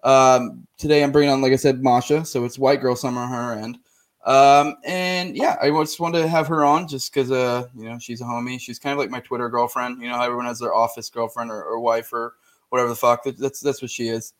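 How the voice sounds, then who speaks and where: A man's voice: medium pitch, steady tone, brisk. A man hosting his own podcast, talking loosely and crudely in casual chat. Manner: loose and profane, lots of fillers and restarts. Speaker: podcast host.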